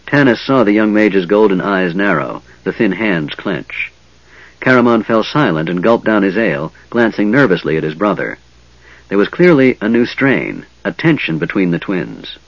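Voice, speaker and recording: A man narrating a fantasy novel in a dramatic, expressive reading. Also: sits low, normal speed, no echo, highs cut off. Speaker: audiobook narrator.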